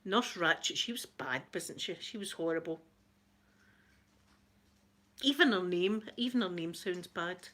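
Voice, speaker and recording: A woman's voice: lowish voice, lively intonation, a little slow, long pauses, a bit bright. A middle-aged woman with a Scottish accent, hosting a casual chat with viewers and reading out their comments. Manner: chatty, reads out viewer comments, laughs often. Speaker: ASMR livestream host.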